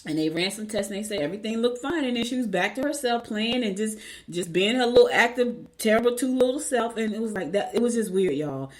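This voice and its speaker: An older woman, casually chatting to viewers as a morning show host, telling an animated story and calling them y'all. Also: on the high side, fast.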